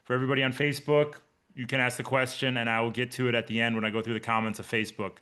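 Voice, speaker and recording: A man in his forties gives a live pre-race briefing as a triathlon coach. His voice is bright and forceful, and his pitch sits in the middle of the male range. He talks in an energetic, chatty way and jokes with the people listening, heard through a computer mic on a video call. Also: rapid-fire, smooth. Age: 40s.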